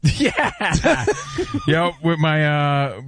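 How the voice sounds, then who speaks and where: A man's voice: a little high, sing-song, fairly bright tone, slight background noise. A man co-hosting a sports radio show, chatting casually, joking and rambling. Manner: joking, rambling, quick to laugh. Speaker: radio co-host.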